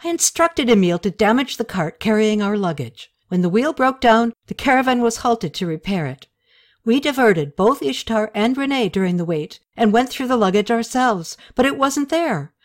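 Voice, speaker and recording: A woman's voice: fairly high pitch, lively intonation, moderate pace, voice pushed up, natural voice. Proud impatient queen, as a woman reads her. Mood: commanding. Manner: commanding, exasperated.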